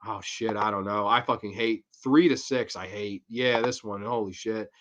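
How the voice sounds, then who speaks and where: A man's voice: lowish voice, steady tone, moderate pace, fairly bright tone. Profane ranting man reviewing films. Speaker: horror movie reviewer and host. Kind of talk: casual ranting film review.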